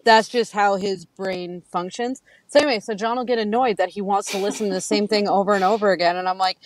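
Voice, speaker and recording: A woman's voice: medium pitch, fast, few pauses, low-quality recording. Chatty woman telling stories with laughter. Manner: animated storytelling, acts out quotes, laughs often. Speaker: guest. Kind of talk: casual chat.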